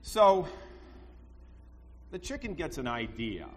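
A man's voice: on the high side, wildly swooping pitch, slow pace, fairly bright tone. A man preaching a sermon, telling stories in a conversational way with asides to his listeners. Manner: storytelling, conversational with rhetorical asides. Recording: long reverb, faint background noise.

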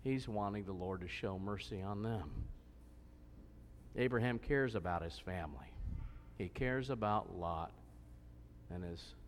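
A man's voice: fairly low pitch, a little slow, pauses often, slight background noise. A man preaching a sermon, asking questions and stressing points with emphasis. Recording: long hall reverb.

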